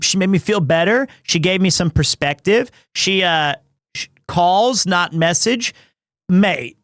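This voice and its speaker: A man's voice: high voice, a bit bright, clear, resonant tone, no echo, clean studio sound. A man in his thirties chatting casually on a live stream, rambling, restarting his sentences and chuckling as he jokes. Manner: rambling, self-interrupting, chuckles often; jokey and teasing.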